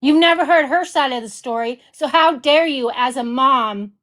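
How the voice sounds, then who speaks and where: Furious high-voiced woman ranting. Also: normal speed, a bit bright. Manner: furious, swearing, repeating accusations. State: enraged. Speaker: reaction video host. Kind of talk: heated commentary.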